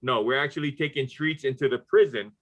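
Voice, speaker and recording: A man with a Hawaii Pidgin accent, a pastor telling lively stories on a video call through his laptop mic. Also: medium pitch, a little fast, lo-fi sound. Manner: lively storyteller mixing Pidgin and standard English. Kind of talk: casual talk on a video call.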